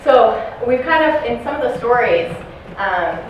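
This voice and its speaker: A woman's voice: on the high side, animated, unhurried. Woman, caregiving trainer, storytelling, asks the audience questions, very echoey, distant mic, noisy room.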